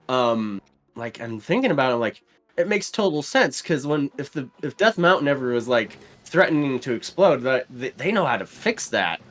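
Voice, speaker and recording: A man's voice: medium pitch, fairly bright tone. A young man co-hosting a gaming show in casual chat, rambling with enthusiasm and many fillers.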